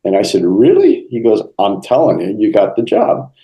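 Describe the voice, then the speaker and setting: A middle-aged man in an interview, telling lively stories and acting out the quotes. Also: lowish voice, brisk, lo-fi sound. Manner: animated storyteller, acts out quotes. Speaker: interview guest, hockey broadcaster. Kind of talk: storytelling interview answers.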